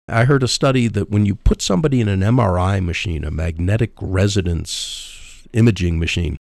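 Middle-aged man, emphatic faith-based advice host; low gravelly voice, dry close mic. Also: darkish tone, no room sound. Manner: emphatic, preacherly, pauses for emphasis. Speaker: radio program host.

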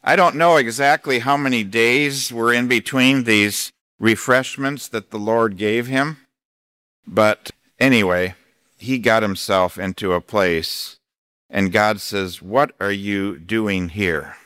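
Slow, deliberate male pastor preaching. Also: medium pitch, bright, forceful tone, clean tone, no room sound, clean studio sound. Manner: deliberate, emphatic, slowing for scripture readings. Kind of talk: sermon.

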